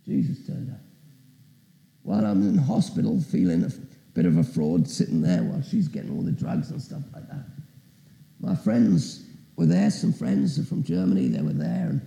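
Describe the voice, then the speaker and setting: A man's voice: mid-range voice, huge pitch swings, moderate pace, vocal fry, mellow, echoey room, poor audio. A man preaching as a guest speaker, telling a story with asides and questions to the audience. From Britain. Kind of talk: testimony sermon.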